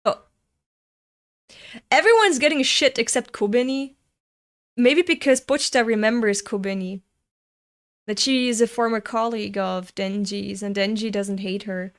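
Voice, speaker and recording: A woman from Europe hosting a casual comic reaction, excitable and prone to giggling fits. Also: on the high side, normal speed, pauses often. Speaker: manga reaction host.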